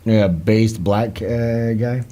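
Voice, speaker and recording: A man's voice: fairly low pitch, fairly even intonation, extremely slow, mellow. A man hosting a casual livestream, rambling in a crude, mocking way. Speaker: livestream host.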